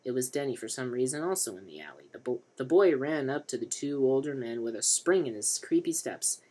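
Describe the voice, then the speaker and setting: A man reading a novel aloud in a comic style, his narration dry and wry. He slips in deadpan asides between the lines. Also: medium pitch, moderate pace. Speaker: reader.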